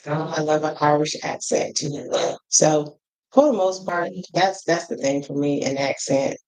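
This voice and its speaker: American woman, black american accent, talking frank to the camera, lowish voice, lotta ums and asides. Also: darkish tone, poor audio. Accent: African American English. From United States. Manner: chatty, frank, lots of fillers and asides. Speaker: travel vlogger. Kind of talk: casual advice chat to camera.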